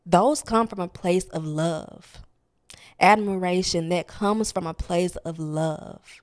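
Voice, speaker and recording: A young wellness vlogger gives a reflective monologue, candid and earnest, using slang and checking in with "okay?" along the way. Her voice is low and darkish, and she takes it slowly, recorded with studio quality and no echo.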